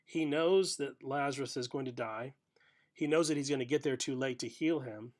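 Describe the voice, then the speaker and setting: A middle-aged man giving a short, reflective sermon for a video podcast, telling a story gently with pauses. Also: medium pitch. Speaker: pastor.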